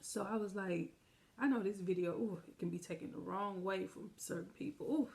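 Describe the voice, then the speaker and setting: Gravelly-voiced woman telling a story. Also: medium pitch, normal speed, a little mellow. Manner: chatty, addresses viewers directly; vivid retelling with quoted dialogue. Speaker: storytime vlogger. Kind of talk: casual storytime vlog.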